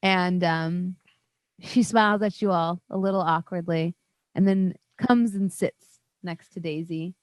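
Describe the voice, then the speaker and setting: Chill woman dm narrating, kinda low voice, lotsa likes and ums, dry close sound. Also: a little slow, dry recording. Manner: relaxed, lots of fillers, gentle. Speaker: dungeon master. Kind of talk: narrating a tabletop game.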